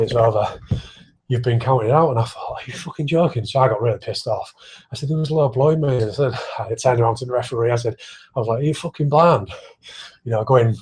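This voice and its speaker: A man's voice: mid-range voice, a little mellow, husky. Chatty man talking mid-workout. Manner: rambling, swears freely, self-mocking. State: talking while pedalling an exercise bike. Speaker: fitness vlogger answering viewer questions. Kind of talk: casual livestream chat.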